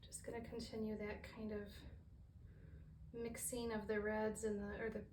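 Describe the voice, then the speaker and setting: A woman's voice: mid-range voice, level tone, normal speed. A woman demonstrating fluid art, chatting casually and thinking aloud as she works, with apologetic asides. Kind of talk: casual painting tutorial. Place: roomy art studio. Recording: echoey room with faint ambient hiss.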